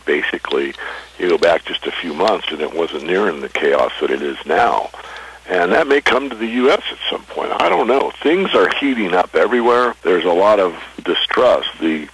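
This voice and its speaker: Low husky man in a radio interview. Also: a bit bright, rough recording. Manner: earnest, emphatic about markets and geopolitics. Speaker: precious metals newsletter writer.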